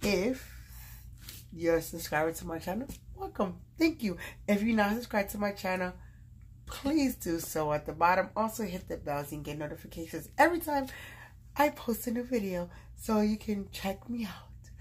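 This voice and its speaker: A woman vlogging casually from her bed, gushing and excitable as she opens a gift box, with lots of fillers. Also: mid-range voice, normal speed, slightly rough. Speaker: YouTube vlogger. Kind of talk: casual unboxing vlog.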